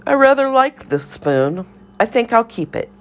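A woman's voice: a little high, big pitch swings, a little slow, a little hiss or hum, voice pushed up. A woman voicing an eccentric older cafeteria lady who speaks in riddles and scolds in a theatrical sing-song. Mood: haughty, cryptic.

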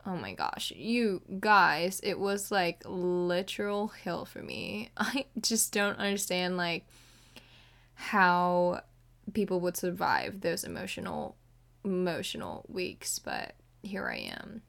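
A woman's voice: lowish voice, big pitch swings, takes it slowly, vocal fry, a bit bright. A woman in her twenties talking candidly in a casual vlog, chatty and emotional, with lots of fillers. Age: 20s. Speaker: vlogger.

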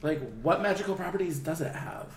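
A man's voice: sits high, fairly quick, creaky, echoey room, far from the mic, crowd noise. A man playing in a tabletop game, asking dry, curious questions. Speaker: player.

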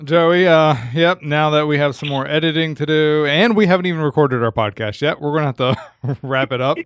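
A young man hosting a podcast, relaxed and laughing easily as he keeps the chat moving. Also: fairly high pitch, a little fast, clean tone, dry recording, studio quality. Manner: relaxed, laughs often, wraps things up. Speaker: podcast host.

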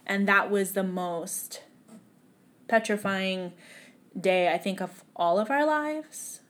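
A young woman recounts a painful memory as a podcast guest. Her voice is emotional and halting, at times sinking to a near whisper. She speaks in an everyday middle register. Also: mid-range voice. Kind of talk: emotional personal storytelling.

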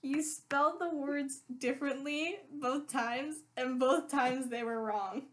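A woman's voice: sits high, unhurried, fairly bright tone, slight background noise. A woman with a Maryland accent hosting a casual podcast chat, teasing and giggly as she quizzes her friend. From Maryland, USA. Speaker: podcast co-host running the spelling bee.

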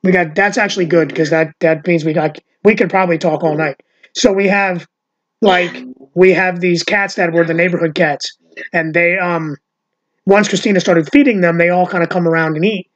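Brief: fifties host from New York, loose rambling chat over a muffled call line. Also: male voice, high voice, steady tone, normal speed. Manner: rambling, swears freely. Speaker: podcast host. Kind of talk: casual chat. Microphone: video call.

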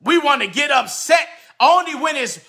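A man, a radio host delivering an indignant, repetitive commentary rant and often shouting. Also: very high voice, lively intonation, moderate pace.

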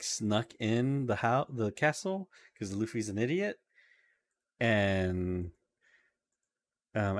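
A man co-hosting a podcast, recapping episodes in a rambling casual chat with lots of filler words and laughter. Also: on the low side. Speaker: podcast co-host.

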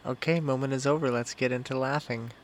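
A man's voice: medium pitch, steady tone, a little fast, a little hiss or hum. A man hosting a breathing and laughter session, giving exercise instructions in an exaggerated coaching manner. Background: music.

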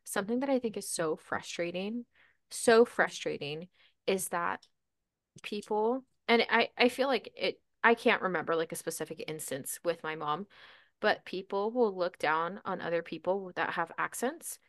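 A woman co-hosting a casual podcast chat, talking in a chatty, animated way with frequent "like"s. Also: lowish voice, moderate pace, no echo, clean studio sound. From Latina, grew up bilingual in Spanish and English. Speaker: podcast co-host.

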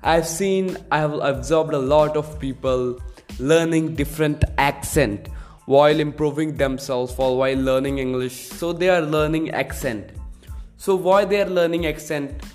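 A man's voice: on the high side, a little slow, darkish tone, soft background music. A man hosting his own solo podcast, explaining in an earnest, repetitive way. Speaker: podcast host.

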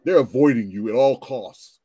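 A man ranting in casual commentary, animated and profane, often repeating himself as he restarts his sentences. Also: medium pitch, normal speed, husky, no room sound.

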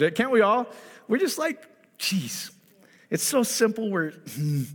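A male pastor giving a conversational sermon, lively and animated, who keeps checking in with his congregation. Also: high voice, moderate pace, big-room sound.

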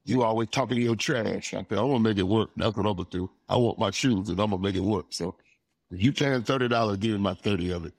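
A middle-aged man from Florida, telling stories in casual interview talk, animated, acting out dialogue and laughing often. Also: medium pitch, dry recording. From Florida, USA. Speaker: interview guest, retired football player. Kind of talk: casual storytelling.

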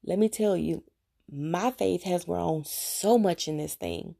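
A woman's voice: fairly low pitch, takes it slowly, gravelly, warm tone, husky. A woman speaking earnestly and preachily, straight to her viewers in a confessional devotional talk about her faith. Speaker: Christian vlogger sharing her faith journey.

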